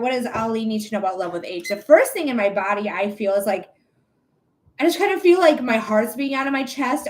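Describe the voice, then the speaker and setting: A young woman with a high voice hosts a live psychic reading stream. She chats casually with viewers, laughs a lot and swears freely.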